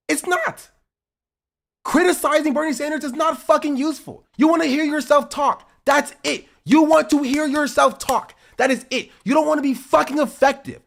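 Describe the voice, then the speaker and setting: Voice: high voice, creaky. Heated, profane streamer lecturing chat. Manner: lecturing, repetitive, profane, punchy. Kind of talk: heated livestream rant at chat.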